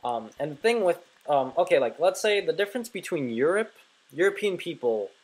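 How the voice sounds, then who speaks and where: A man's voice: a little high, big pitch swings, fairly quick, husky, poor audio. Rambling young man swearing over gameplay. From North America. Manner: rambling, swears freely, many fillers. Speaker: let's play host. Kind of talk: casual gameplay commentary with rambling stories.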